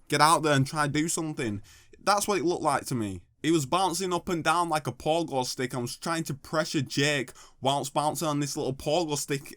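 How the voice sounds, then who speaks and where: A man's voice: a little high, no room sound. A man doing mocking, sarcastic comedic commentary with a slightly raised voice. The recording is close and dry, with no room sound. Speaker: YouTube commentator.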